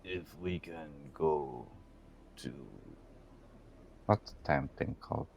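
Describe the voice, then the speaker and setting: A man's voice: takes it slowly, darkish tone, slight background noise, heavily acted. A man voicing a blunt, beast-like male warrior in a tabletop game, growling in short, broken phrases. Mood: gruff. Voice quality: deep gravelly growl, broken terse phrasing. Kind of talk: in-character tabletop roleplay.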